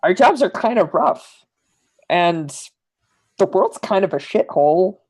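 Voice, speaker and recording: A woman's voice: fairly low pitch, expressive, measured pace. Woman playing an awkward, earnest woman pilot. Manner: careful, gentle, plainspoken.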